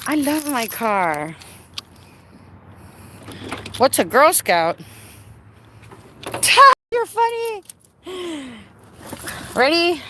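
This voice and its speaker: A woman's voice: high voice, huge pitch swings, extremely slow, long pauses, fairly bright tone. A woman chatting casually to her viewers while working on her car outdoors, playful and talkative. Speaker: vlogger. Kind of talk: casual live-stream chat. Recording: outdoor recording with clear background noise.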